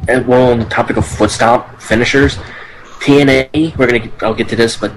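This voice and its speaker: An excitable man trades opinions in a loose podcast chat at a middle pitch. He jumps in eagerly and jokes often, over a faint background hiss. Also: rough recording. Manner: excitable and opinionated, quick to joke. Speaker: podcast co-host. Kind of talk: casual chat.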